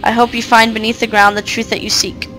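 A woman reading out an ancient, scornful mother of darkness in a game, haughty and mocking. The voice is fairly high. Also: flat delivery, a little fast, a bit bright, soft background music, lightly acted, poor audio. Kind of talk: reading game dialogue aloud.

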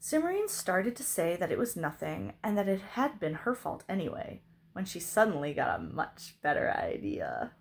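Low-voiced woman reading a children's book. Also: wildly swooping pitch, moderate pace, vocal fry. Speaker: reader. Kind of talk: reading a children's novel aloud.

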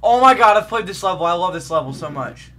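A young man casually chatting while playing a game with a friend, excitable and prone to yelps and shouts. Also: sits high, fast talker, very noisy. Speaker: gamer co-host. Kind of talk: casual gameplay chat.

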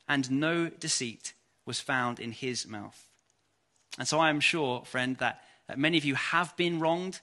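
An English man preaching an earnest, measured evening sermon and reading scripture aloud. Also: mid-range voice, pushed and bright.

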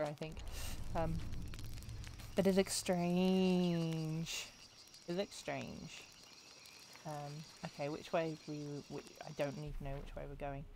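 A woman's voice: low voice, a little mellow, slight background noise. A woman, chatting and joking to herself while streaming a video game. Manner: chatty, jokey, talking to herself. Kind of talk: casual gameplay commentary.

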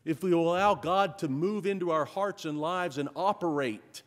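A male pastor preaching a sermon, building to emphatic repeated phrases and then dropping to a soft close. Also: on the high side, moderate pace. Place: church sanctuary. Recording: long reverb of a large hall.

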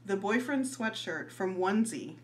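A woman's voice: mid-range voice, animated, moderate pace, a little hiss or hum. Chatty giggly woman with a drawl. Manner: chatty, giggly, talks straight to viewers. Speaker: fashion vlogger. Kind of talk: casual try-on haul chat.

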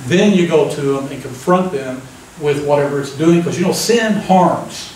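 A man preaching a conversational sermon, folksy and relaxed, often turning to the congregation with a quick "amen?". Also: on the high side, a little hiss or hum. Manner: folksy, keeps asking the crowd "amen?". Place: church sanctuary. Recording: echoey church room, mic at a distance.

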